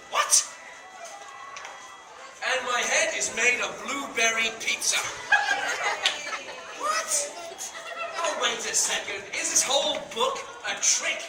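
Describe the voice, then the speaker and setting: A man's voice: very high voice, wildly swooping pitch, takes it slowly, pauses often. A man reading a silly picture-free book aloud to children, theatrical and mock-reluctant as he plays to the crowd. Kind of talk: playful read-aloud to children. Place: public library room with children. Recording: echoey room recorded from a distance, with children's noise.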